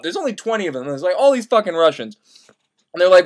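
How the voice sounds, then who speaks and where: A young man retelling a classic story as comedy in a rambling, profane, excitable way. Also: sits high, fast talker. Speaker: host.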